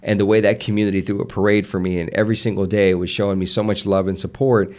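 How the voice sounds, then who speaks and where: A man's voice: lowish voice, level tone, quick pace, darkish tone. A man in his thirties from the Southern United States with a faint Southern accent, a podcast guest talking earnestly with frequent restarts. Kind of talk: casual conversation.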